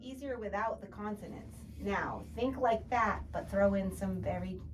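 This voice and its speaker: A woman's voice: mid-range voice, lively intonation, normal speed, far from the mic. A woman coaching a singing student, explaining patiently and encouragingly with plenty of fillers. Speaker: voice teacher. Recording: from across the room, with music behind.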